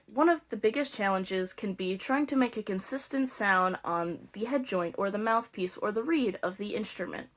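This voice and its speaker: A young woman with a mid-range, slightly bright voice teaches beginner flute in a casual instructional video. She explains step by step and mixes in playful, self-mocking jokes.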